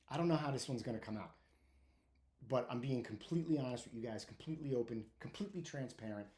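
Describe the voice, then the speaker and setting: A man's voice: mid-range voice, mellow. A middle-aged man, a former firefighter, giving blunt, profane tough-love advice in a casual monologue, often restarting and trailing off as he recalls things. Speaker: podcast host, former firefighter. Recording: echoey room.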